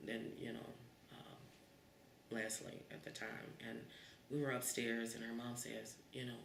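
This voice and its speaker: Brief: woman in her fifties telling stories, lively, heard in a roomy space on a distant mic. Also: a bass voice, unhurried, creaky, a little hiss or hum. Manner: animated, acts out the voices in her story. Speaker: interviewee. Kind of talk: oral history storytelling.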